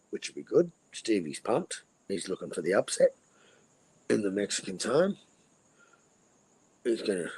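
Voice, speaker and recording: A man's voice: low-pitched, a little mellow, husky, rough recording. A middle-aged man hosting a casual livestream, rambling crudely and repeating his phrases. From Australia. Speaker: livestream host.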